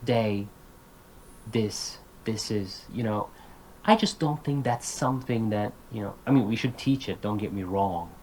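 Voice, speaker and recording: A man's voice: fairly low pitch, moderate pace, darkish tone, slight background noise, poor audio. A man giving an online talk to language teachers. He is casual and direct, repeats his points, and says example words aloud as drills. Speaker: lecturer.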